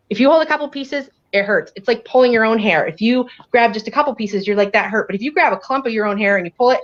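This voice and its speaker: Chatty Western New York woman groomer. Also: a little high. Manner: chatty, animated, checks in with "okay?". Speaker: professional dog groomer. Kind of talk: hands-on grooming demonstration. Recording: dull lo-fi audio.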